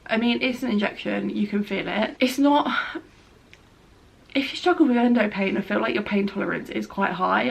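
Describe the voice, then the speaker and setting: A woman's voice: mid-range voice, moderate pace, vocal fry. A young woman vlogging casually from home. She rambles a little and uses lots of filler words as she talks. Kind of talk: casual spoken update. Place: at home, by a bed.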